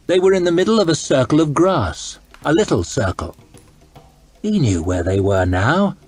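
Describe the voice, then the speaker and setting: A man reading a novel aloud in a calm, steady, soft-spoken ASMR style, with a breathy voice. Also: on the high side. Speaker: storyteller.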